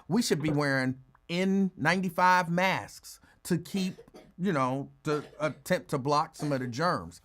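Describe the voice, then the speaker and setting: A man hosting a casual podcast, talking in a laid-back conversational way and answering a listener's comment. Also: unhurried. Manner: laid-back, conversational, lively pitch, playful voices for a dog. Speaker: podcast host.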